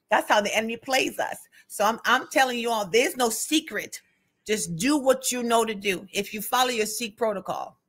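A woman's voice: mid-range voice, bright, forceful tone. A middle-aged woman leading an online Bible study, chatting casually as she greets viewers by name, then urging them to pray. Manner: greets viewers by name while scrolling comments, conversational and exhortative.

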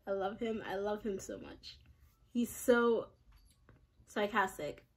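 A woman's voice: medium pitch, takes it slowly, husky. A woman giving casual gaming commentary, chatty, giggly and self-deprecating. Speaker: game streamer.

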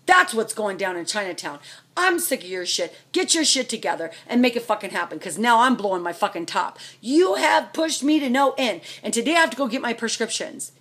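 A woman in middle age unloads her anger in a profanity-laced vlog rant. Her voice is husky and sits a little high. She lurches from loud outbursts to low, muttered fury. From United States. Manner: furious, profane, swings between shouting and low muttering. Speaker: vlogger, trucker's wife. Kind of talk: angry venting rant to camera.

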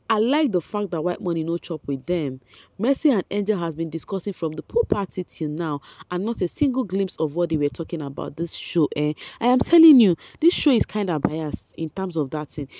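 A Nigerian woman commenting on a reality show in a casual, excitable way, laughing often and talking straight to her viewers. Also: lowish voice, dry recording.

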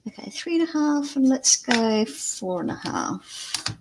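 A woman's voice: sits high, animated, measured pace, noisy background. An older woman from Scotland with an Australian accent, hosting a casual live craft stream from home at her crafting table, chatting to viewers and musing aloud over measurements. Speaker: craft channel host. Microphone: camera at a crafting table.

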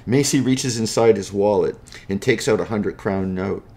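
Gravelly low-voiced male storyteller. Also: moderate pace, darkish tone. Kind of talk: storybook narration.

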